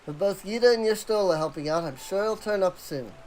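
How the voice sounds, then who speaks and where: Player reading as a calm older male chief engineer. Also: medium pitch, a little hiss or hum, lightly acted, low-quality recording. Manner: measured, formal. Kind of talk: reading game dialogue aloud.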